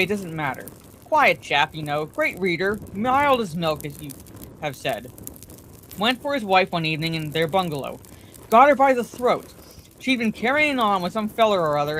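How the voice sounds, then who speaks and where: A woman voicing a rambling, blustering older man with a hoarse, wheezy voice, in a bedtime story reading. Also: medium pitch, a bit bright, slight background noise.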